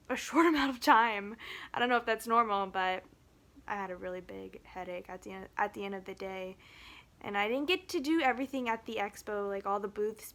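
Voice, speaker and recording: Woman vlogger, slightly high voice; halting, rambling phone-camera talk, emotional and close to tears. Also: a bit bright. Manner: rambling and halting, with frequent restarts and nervous laughs.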